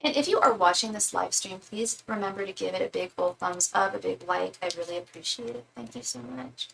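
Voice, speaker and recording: A woman's voice: mid-range voice, a little fast, gravelly, fairly bright tone, distant mic, slight background noise, poor audio. A young woman reading tarot on a live stream, chatting casually and rambling, sometimes murmuring repeated invocations. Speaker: tarot reader.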